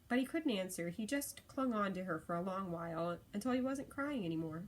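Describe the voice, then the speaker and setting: A woman narrating a story in a gentle storytelling manner. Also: mid-range voice, expressive, fairly quick, slight background noise, poor audio. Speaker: audiobook narrator.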